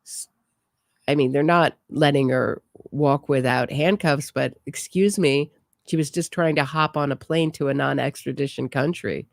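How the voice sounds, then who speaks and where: A woman's voice: sits low, moderate pace, vocal fry, no room sound, studio quality. A woman hosting a true crime show, chatting casually and amused as she reacts to footage. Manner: amused, chatty, laughs often. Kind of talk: casual live-stream reaction commentary.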